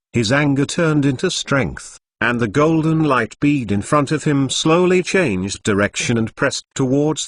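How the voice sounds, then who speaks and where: A man's synthetic voice narrating a web novel, reading web addresses and symbols aloud. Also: medium pitch. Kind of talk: text-to-speech novel narration.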